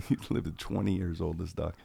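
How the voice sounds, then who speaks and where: A man's voice: deep voice, normal speed, vocal fry, slightly rough, no echo. A man, a radio personality telling stories on a casual podcast, acting out quoted lines with animation. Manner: animated, acts out quotes in a raised voice.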